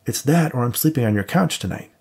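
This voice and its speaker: A man's voice: mid-range voice, expressive, fast, darkish tone, breathy edge, voice pushed up. A man voicing an agitated male police detective who insists on protecting his partner. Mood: insistent. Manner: insistent, pressing.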